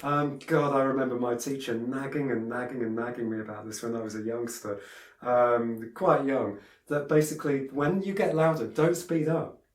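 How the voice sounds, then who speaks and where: A man's voice: medium pitch, fairly even intonation, normal speed. Chatty man teaching piano. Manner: chatty, digressive, many fillers and restarts. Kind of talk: piano tutorial. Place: room with a piano. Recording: roomy, a bit far from the mic, piano in the room. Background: piano playing.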